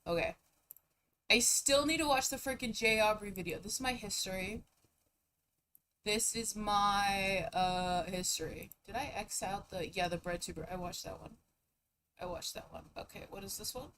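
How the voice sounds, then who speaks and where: A young woman streaming. She chats casually and rambles, sometimes mumbling and sometimes breaking out loudly. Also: medium pitch, normal speed, slight background noise, low-quality recording. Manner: rambling, chatty, swings between mumbling and loud outbursts. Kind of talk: casual live-stream chat.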